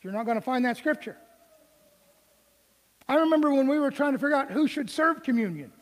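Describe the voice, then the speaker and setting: Middle-aged pastor guy, real high voice, folksy joking sermon, big church reverb. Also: lively intonation, brisk. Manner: folksy, conversational preaching with humor. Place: church sanctuary.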